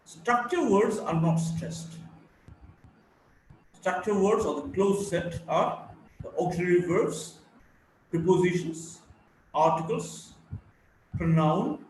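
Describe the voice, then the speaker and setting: A man teaching a live online class, who speaks deliberately and demonstrates stress patterns by repeating example sentences aloud. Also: sits high, animated, a little mellow, distant mic. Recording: very echoey room with faint noise.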